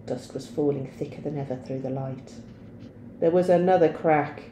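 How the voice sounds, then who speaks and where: A woman teacher reading a novel aloud in a steady storytelling voice. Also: low voice, normal speed, echoey room, noisy background.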